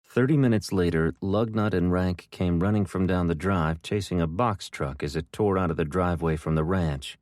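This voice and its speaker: Deep-voiced male audiobook narrator. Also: normal speed, hardly any pauses, no echo, studio quality. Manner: steady, even reading. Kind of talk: scripted narration.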